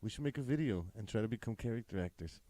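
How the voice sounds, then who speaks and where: A man's voice: on the low side, animated, fast, dark tone. A man co-hosting a casual podcast chat, laid-back and slangy, swearing now and then. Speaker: podcast co-host.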